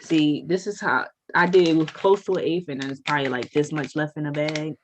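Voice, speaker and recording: A woman co-hosting a casual podcast chat, profane and animated, laughing while she rants. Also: low-pitched, fairly quick, a little hiss or hum. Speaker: podcast co-host.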